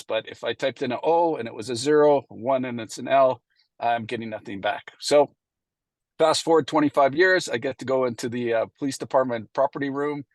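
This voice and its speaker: Middle-aged man, mid-pitched, loose anecdotal delivery, dry close sound. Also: no room sound. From Canada. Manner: anecdotal, acts out past dialogue, frequent fillers. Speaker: presenter at a committee meeting. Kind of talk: casual storytelling presentation.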